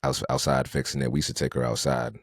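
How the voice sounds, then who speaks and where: A man co-hosting a podcast, telling stories in a slangy, animated, casual way. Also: extremely low pitch, fast talker, husky, dry recording, studio quality. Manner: slangy, animated storyteller with restarts. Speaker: podcast co-host. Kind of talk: casual storytelling chat.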